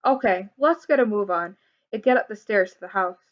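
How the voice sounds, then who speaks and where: A woman reading the part of a calm, steady father in a storybook, giving him a lowered, even voice. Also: brisk, natural voice. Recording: dull lo-fi recording.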